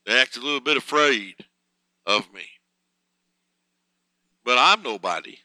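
A man's voice: medium pitch, lively intonation, measured pace, sharp tone, no room sound, rough recording. A man preaching a conversational sermon in a folksy, plain-spoken way, chuckling between thoughts.

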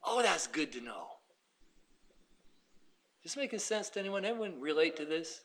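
A man preaching a sermon, dropping to hushed asides and rising to shouted emphasis. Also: a little high, sing-song, measured pace, long pauses.

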